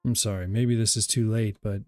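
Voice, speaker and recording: A man's voice: fairly low pitch, steady tone, brisk, darkish tone, no echo, soft background music, natural voice. A man voicing a hesitant, remorseful young woman.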